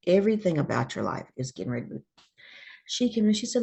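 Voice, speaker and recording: A woman's voice: low voice, fast talker, vocal fry. A woman, a guest telling her own story in a casual interview and acting out the voices of the people in it. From Georgia, USA. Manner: animated storyteller who acts out quoted voices.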